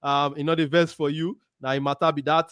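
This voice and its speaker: Nigerian pidgin guy hosting a footy chat show, kinda high voice, reading comments and shouting people out, dry sound. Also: brisk, smooth, no echo. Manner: lively, reads out viewer comments and gives shout-outs. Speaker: show host. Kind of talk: casual football chat show. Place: Warri, Nigeria.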